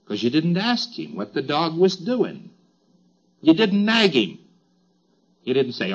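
A man's voice: medium pitch, very animated, moderate pace, muffled recording. A man giving an informal lecture in a wry, chatty way, with emphatic asides.

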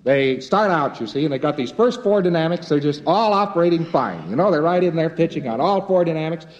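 A man's voice: a little high, expressive, brisk, dull audio. A man from the United States giving a lecture in a folksy, wry way with jokey asides.

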